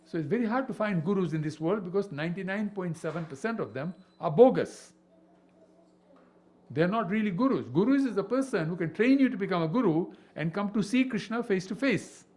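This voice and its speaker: Lively man teaching scripture. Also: high voice, fairly quick. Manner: animated, peppered with rhetorical questions. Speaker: spiritual teacher. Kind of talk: devotional scripture class.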